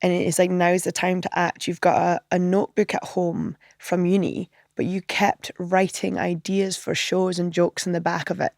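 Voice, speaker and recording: A woman comedian telling animated anecdotes in a podcast interview, acting out other people's lines and laughing often. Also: fairly low pitch, normal speed, creaky, hardly any pauses, no room sound, studio quality. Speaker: comedian guest.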